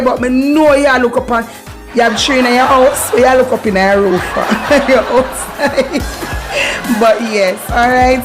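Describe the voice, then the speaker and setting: A young Jamaican woman vlogging casually as she teaches patois, playful and animated, repeating phrases for effect. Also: sits high.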